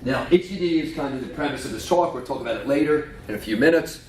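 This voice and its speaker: A man's voice: mid-range voice, fast talker. Guy presenting at a conference, playful, quizzes the crowd, roomy echo, sounds far off from the mic. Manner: lively, joking, quizzes the audience. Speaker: conference speaker. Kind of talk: conference talk. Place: conference room. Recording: echoey hall from far off, faint noise.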